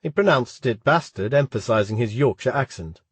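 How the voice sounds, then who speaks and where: Brief: male audiobook reader, husky, steady, close and dry. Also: medium pitch, normal speed, dry recording. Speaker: audiobook narrator. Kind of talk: scripted narration.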